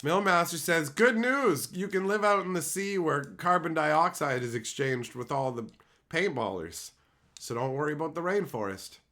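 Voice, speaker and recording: A man's voice: lively intonation, normal speed, pushed and bright. A man in his thirties from Canada, chatting casually on his livestream, swearing freely and laughing often. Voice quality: swears a lot, laughs often, jumps into high squeaky voices for quotes. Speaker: streamer.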